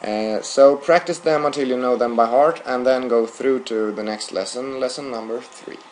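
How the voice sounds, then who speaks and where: A man teaching a recorded language lesson, with frequent "uh" fillers and a steady delivery. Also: mid-range voice, moderate pace, slight background noise, low-quality recording.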